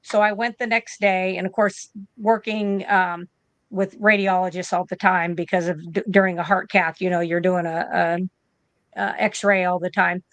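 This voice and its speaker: A woman's voice: lowish voice, measured pace, no room sound. Woman telling a story in a dry room. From United States. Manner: animated, acts out both sides of conversations. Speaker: interview guest, nurse. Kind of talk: casual storytelling.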